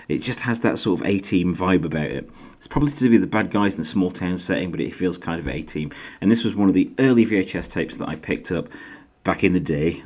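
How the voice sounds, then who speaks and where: Deep-voiced man with faded Yorkshire accent. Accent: faded Yorkshire English. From Yorkshire, England. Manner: chatty, self-deprecating, lively pitch jumps. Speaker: YouTube host and author. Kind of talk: casual solo vlog.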